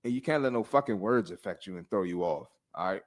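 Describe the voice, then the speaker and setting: A young adult man hosting a casual fitness podcast, blunt and animated, slangy and quick to laugh. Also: low voice.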